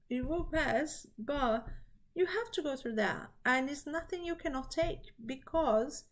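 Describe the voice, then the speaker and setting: A woman speaking English as a second language, hosting a casual spiritual talk to camera, earnest and reassuring, repeating her key phrases. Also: on the high side. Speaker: spiritual reading channel host.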